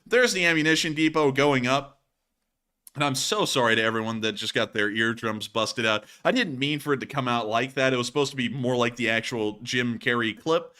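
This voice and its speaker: A man's voice: medium pitch, sharp tone. A man hosting a war news show, commenting casually and jokingly over footage. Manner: chatty, joking, says y'all.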